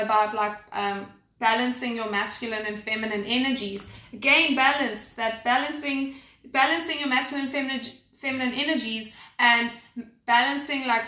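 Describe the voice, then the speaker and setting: A woman's voice: high voice, bright, forceful tone. A young woman doing a casual spoken card reading, rambling along with many fillers and restarts. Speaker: tarot and oracle card reader. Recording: echoey room.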